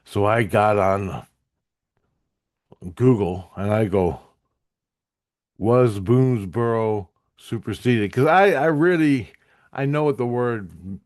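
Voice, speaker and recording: Low-voiced, profane rambling man. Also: darkish tone, no room sound, clean studio sound. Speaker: vlogger recounting spiritual visions. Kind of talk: casual storytelling to camera.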